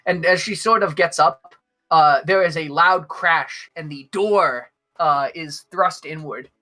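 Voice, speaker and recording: A man's voice: on the high side, measured pace, sharp tone. A man narrating as game master of a tabletop game, casual and full of fillers.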